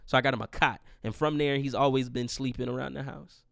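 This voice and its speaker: A man's voice: medium pitch, fairly even intonation, fast talker, creaky, fairly bright tone, dry recording, studio quality. A young man hosting his podcast alone, in a profane, rambling rant. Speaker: podcast host. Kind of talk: casual solo monologue.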